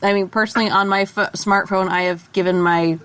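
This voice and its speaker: A woman co-hosting a casual fan podcast, talking in an unhurried, questioning way with frequent restarts. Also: mid-range voice, steady tone, fairly bright tone, clear, resonant tone. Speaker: podcast co-host.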